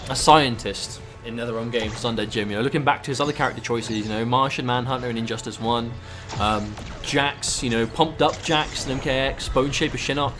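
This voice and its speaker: A man's voice: medium pitch, brisk, over music. A man co-commentating a fighting game match, analytical with dry jokes. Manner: analytical, wry jokes about players' choices. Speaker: esports co-commentator.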